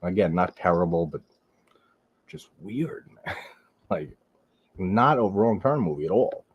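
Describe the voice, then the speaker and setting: Deep-voiced New guy, rambling. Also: animated, normal speed, husky, muffled recording. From Long Island, New York. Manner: rambling, heavy on "like", swears casually. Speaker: host of a horror movie live stream. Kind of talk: casual live chat reacting to viewers.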